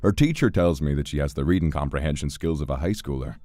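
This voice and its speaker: A man's voice: very deep voice, fast talker, mellow, no echo, clean studio sound, faint music behind, pitched below the performer's own voice. A man voicing a chatty middle-aged dad at a park with a put-on Irish accent, playful and stumbling over long words. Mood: friendly. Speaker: game character voice.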